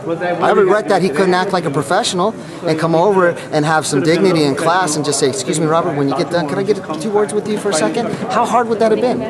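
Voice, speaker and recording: Defensive man amid a loud crowd. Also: sits high, quick pace. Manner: defensive, indignant, talks in restarts. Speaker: boxing trainer. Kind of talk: heated press scrum interview.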